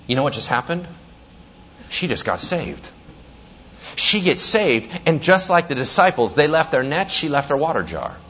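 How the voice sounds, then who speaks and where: A man preaching a sermon, telling the story with lively energy and acting out the characters' voices. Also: fairly high pitch, normal speed, breathy edge, dull audio. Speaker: pastor.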